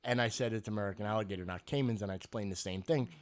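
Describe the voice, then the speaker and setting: A man's voice: lowish voice, rapid-fire. A man co-hosting a casual podcast chat, rambling and swearing freely as he gets worked up. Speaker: podcast co-host.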